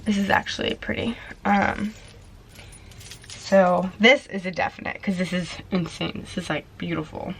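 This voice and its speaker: A woman's voice: fairly low pitch, fairly even intonation, moderate pace, slight background noise. Young woman vlogging, rambly and giggly, just chatting along. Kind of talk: casual vlog chat.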